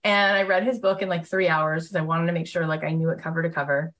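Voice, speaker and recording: A middle-aged woman giving a live motivational talk, telling stories with animated enthusiasm and chatty fillers. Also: sits low, fast, rough recording. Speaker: motivational speaker and program host.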